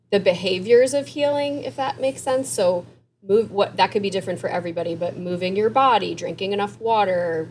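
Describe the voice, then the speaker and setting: A woman therapist and author answering interview questions in a candid, conversational way, with quick asides and light laughs. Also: on the low side, darkish tone, slight background noise.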